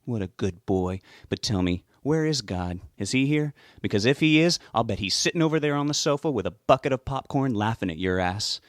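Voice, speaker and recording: A man's voice: mid-range voice, lively intonation, a little fast, hardly any pauses, dry recording, clean studio sound, natural voice. A man reading an audiobook, voicing a towering, sadistic killer with a Southern drawl. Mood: taunting. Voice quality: drawling, mocking. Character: towering male serial killer, taunting and sadistic.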